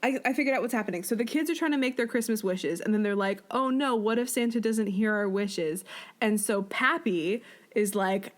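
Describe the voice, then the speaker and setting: A young woman co-hosting a podcast, chatting casually and laughing as she quickly recaps a film. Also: mid-range voice. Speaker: podcast co-host. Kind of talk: casual chat.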